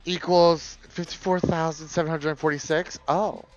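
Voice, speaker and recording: A man's voice: flat delivery, normal speed. Campy chatty man on lo-fi stream audio. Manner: chatty and campy, reading chat aloud, swinging pitch. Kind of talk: casual live-stream chat.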